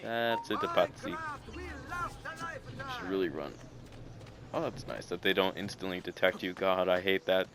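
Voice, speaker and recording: This young gaming video creator rambles through enthusiastic let's-play commentary, leaning heavily on fillers. His low voice keeps a fairly even intonation at a measured pace, broken by long pauses.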